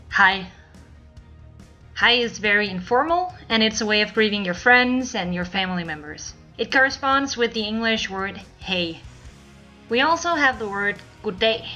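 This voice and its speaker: A woman from Denmark teaching a language lesson, repeating each phrase slowly and clearly for learners. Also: on the high side, sharp tone, highs cut off. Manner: clear, slow model pronunciation with repeated phrases.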